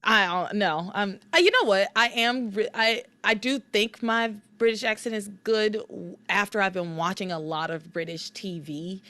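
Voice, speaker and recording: A woman hosting a casual recap podcast, chatty and animated, laughing often and restarting her sentences. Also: medium pitch, moderate pace, few pauses, no echo. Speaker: podcast host.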